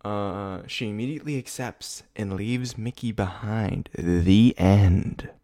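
A young man with a fairly low voice gives loose, chatty commentary, swearing freely and breaking into laughs. He drifts off topic and circles back with a lot of filler. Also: takes it slowly, warm tone. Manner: rambling, swearing, laughing often. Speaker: video podcast host. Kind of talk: casual rewatch commentary. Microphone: camera setup.

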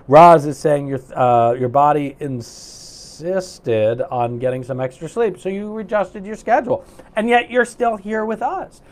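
A man's voice: on the high side, expressive, measured pace, a little mellow. Upbeat man coaching on a live stream. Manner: upbeat, chatty, reads viewer comments aloud, many fillers.

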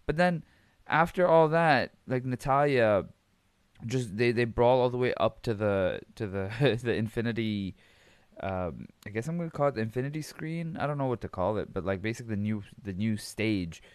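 A man's voice: medium pitch, moderate pace, clean tone, dry recording. A man hosting a casual podcast, rambling and swearing freely while recapping wrestling, laughing often. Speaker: podcast host.

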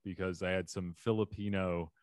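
A man with a low-pitched, steady voice hosts a comedy podcast over a remote call, speaking at normal speed. The recording is dry and studio quality, and he jokes and ad-libs playfully in casual chat.

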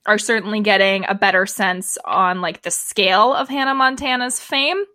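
A woman's voice: medium pitch, moderate pace, bright, forceful tone, no room sound. A woman co-hosting a casual podcast, recapping a TV episode in a chatty way, with lots of fillers and laughter. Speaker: podcast co-host.

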